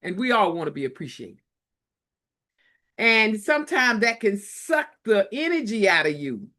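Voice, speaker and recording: A woman's voice: medium pitch, sing-song, moderate pace, bright, forceful tone. A woman hosting a book launch, giving an emotional, preachy motivational talk full of repetition. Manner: preachy, repetitive, tearful at times. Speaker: book collaboration host.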